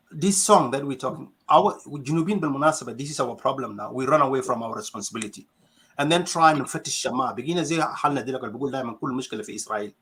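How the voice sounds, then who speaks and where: A man's voice: fairly high pitch, fairly bright tone, husky, rough recording. A man from South Sudan speaking passionately in an online community discussion, asking rhetorical questions and restarting phrases. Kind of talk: passionate audio-room speech.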